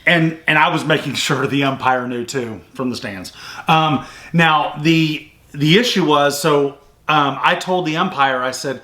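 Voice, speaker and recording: A man hosting a sports recruiting show, casually recapping a softball game play by play with lots of fillers. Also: a little high, a little slow. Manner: chatty, recounts plays step by step with fillers.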